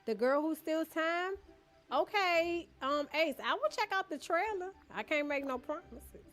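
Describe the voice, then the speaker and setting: Lively high-pitched woman streaming a game. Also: a little slow. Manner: chatty, greets and thanks chat by name; playful teasing, laughs often. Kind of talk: casual live-stream chat.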